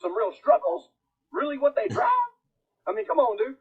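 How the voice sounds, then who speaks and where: Brief: high, lively-voiced man roasting crudely and mockingly, heard through tinny phone-like playback. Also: normal speed. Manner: mocking, profane, heckling. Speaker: commentator in a played clip.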